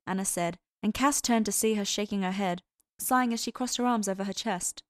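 A woman narrating fan fiction as an audiobook reader in a measured storytelling way. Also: medium pitch, no room sound.

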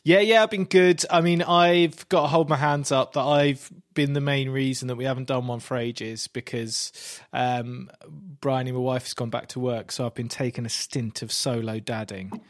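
A man's voice: medium pitch, fairly even intonation, normal speed, hardly any pauses, no echo. A man from Britain in his thirties, co-hosting a podcast in casual chat, dry and wry with casual swearing. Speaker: podcast co-host.

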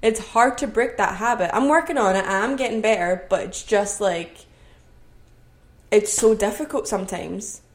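A woman's voice: medium pitch, moderate pace. Scottish woman in her 20s doing a solo podcast from home, earnest pep talk vibe. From Scotland. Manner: earnest, motivational. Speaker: podcast host.

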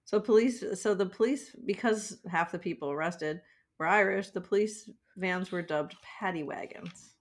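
A woman's voice: fairly low pitch, normal speed. Dry, sarcastic woman podcaster. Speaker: podcast co-host. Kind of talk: casual chat.

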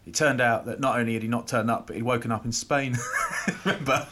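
A man, former rugby player, co-hosting a podcast and telling stories in lively casual chat. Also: medium pitch, slight background noise. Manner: animated anecdote telling with quick voice impressions.

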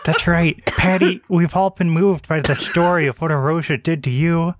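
A man doing a slow, folksy wombat farmer. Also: on the high side, fairly even intonation, no room sound, studio quality, lightly acted. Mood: earnest. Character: humble, earnest wombat farmer.

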